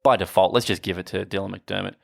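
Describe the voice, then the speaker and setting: Gravelly, blunt man on a film podcast. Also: sits low, fast talker, no echo, clean studio sound. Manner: blunt and sweary, excitable. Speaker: podcast co-host. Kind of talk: casual chat.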